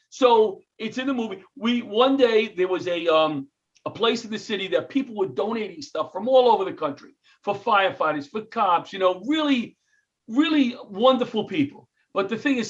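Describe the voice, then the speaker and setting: High-voiced New York man telling stories. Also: highs cut off. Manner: animated storyteller, acts out quotes, self-interrupting. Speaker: comedian and retired firefighter. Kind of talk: interview storytelling.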